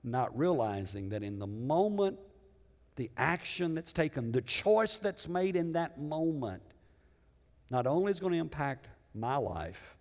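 A male pastor preaching a sermon with dramatic swings between loud emphasis and hushed lows. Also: big pitch swings, a little slow. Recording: long hall reverb.

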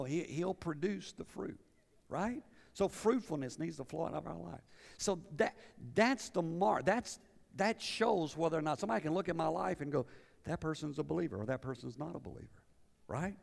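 A man's voice: medium pitch, gravelly. A middle-aged man preaching a sermon in a conversational way, asking his listeners questions and often restarting his words. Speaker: pastor. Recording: reverberant hall.

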